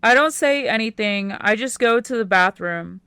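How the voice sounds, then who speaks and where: A woman narrating a first-person teen romance audiobook in a quiet, unhurried way. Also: fairly high pitch, expressive, clear, resonant tone, dry recording.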